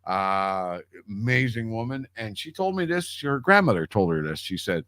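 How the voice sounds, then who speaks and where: A man's voice: fairly low pitch, sing-song, moderate pace, fairly bright tone, no room sound. A man telling a long personal story in casual radio chat, rambling with restarts and swearing freely. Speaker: radio show guest.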